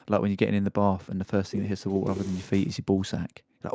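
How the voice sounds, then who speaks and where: A man's voice: fairly low pitch, monotone, very fast, few pauses, mellow, no echo. A man hosting a casual podcast, joking and rambling while reading a news story aloud. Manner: joking, rambling, laughs often. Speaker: podcast host.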